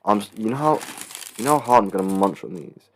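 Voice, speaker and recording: A young man in his late teens from England, hosting a casual solo podcast in a rambling, swearing, animated storytelling way. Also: fairly low pitch, fast, slight background noise. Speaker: podcast host. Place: student accommodation room.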